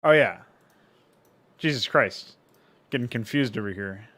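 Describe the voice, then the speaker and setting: Young man, casual streamer, crisp bright voice, relaxed and joking with chat. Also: medium pitch, measured pace. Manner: laid-back, joking, swears, reads out chat. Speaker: streamer and game modder.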